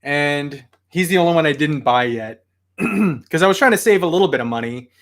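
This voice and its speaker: A chatty man talks through a toy haul at home in a casual, excitable way. His voice sits a little high and bounces around a lot. It sounds like an informal home video. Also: normal speed. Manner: chatty, excitable, yells at his barking dog. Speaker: toy collector vlogger.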